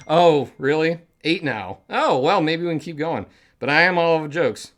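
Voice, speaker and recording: A man's voice: on the high side, unhurried, fairly bright tone. A man hosting a public access show, rambling through a sign-off and laughing at his own bad jokes. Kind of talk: rambling live sign-off chat.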